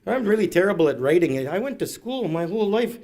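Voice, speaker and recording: Middle-aged man, comic storyteller, animated, does his family's voices. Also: sits high, fairly quick, vocal fry. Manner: animated, acts out relatives in quoted voices. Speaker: storyteller at a graduation event. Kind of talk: humorous personal storytelling. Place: event hall.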